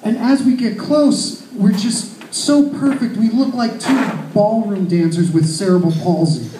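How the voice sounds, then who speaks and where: A man's voice: high voice, a little slow, background noise. A man in his thirties telling a crude, self-mocking story as a stand-up comedian. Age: 30s. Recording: roomy echo.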